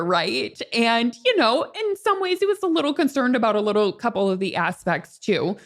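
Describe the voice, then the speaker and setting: A young adult woman hosting a solo podcast, telling a personal story in a casual, animated way that swings between excited highs and calm low tones. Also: normal speed, few pauses. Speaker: podcast host.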